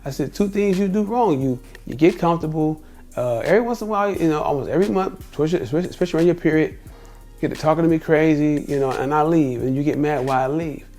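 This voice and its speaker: A man's voice: on the high side, quick pace, darkish tone, faint music behind. A middle-aged man from the United States, telling personal stories in a casual vlog monologue, rambling and acting out what people said. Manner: rambling, repeats himself, quotes people in dialogue. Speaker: vlogger.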